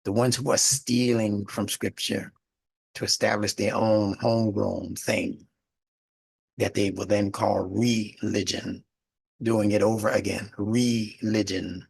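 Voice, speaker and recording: A man's voice: on the low side, little pitch movement, slow pace, vocal fry, slightly rough. A man teaching a religious studies class in a lecture, explaining word meanings and asking the class rhetorical questions.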